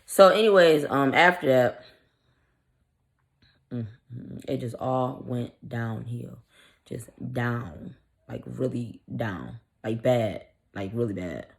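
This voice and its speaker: A woman's voice: a bass voice, slow, gravelly. Blunt, profane woman telling a story. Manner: blunt and profane, irritated retelling; animated, acts out the quoted dialogue. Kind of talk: casual storytime chat.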